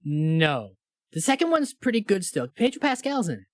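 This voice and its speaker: A man's voice: high voice, big pitch swings, normal speed, no echo, clean studio sound. A man co-hosting a movie podcast, talking in a casual, enthusiastic way, swearing now and then and laughing often. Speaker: podcast co-host. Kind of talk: casual movie review chat.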